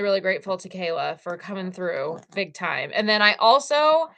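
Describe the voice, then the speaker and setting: A woman hosting a casual live stream from her crafting room at home, chatting and gushing excitedly to her viewers. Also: medium pitch. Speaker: livestream host.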